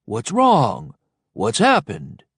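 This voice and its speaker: A man voicing a kindly middle-aged truck driver, soft-spoken and pleading, in a storybook reading. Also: medium pitch, huge pitch swings, drawn-out words, slightly rough, dry recording, clean studio sound, heavily acted. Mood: concerned.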